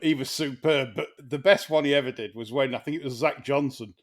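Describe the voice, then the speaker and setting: A man hosting a casual podcast chat, asking questions and telling a golf commentary story. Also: medium pitch. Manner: animated, quick to laugh. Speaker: podcast host.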